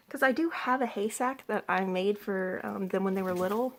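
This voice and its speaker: Sitting indoors by a cage, a young pet vlogger talks in an easygoing way, her medium-pitched voice a touch slow. She's a bit breathless and meanders, leaning heavily on filler words.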